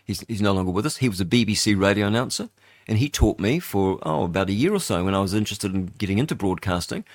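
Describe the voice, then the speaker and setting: Rambling older New radio host. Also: male voice, fairly low pitch, animated, quick pace, dry recording, clean studio sound. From New Zealand. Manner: rambling, chatty, with frequent fillers and restarts. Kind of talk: casual talk-radio monologue.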